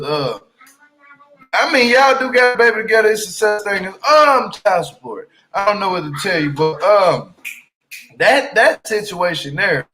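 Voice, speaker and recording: A man's voice: high-pitched, fairly bright tone, poor audio. A man giving casual reaction commentary on a reality show, blunt, profane and exasperated.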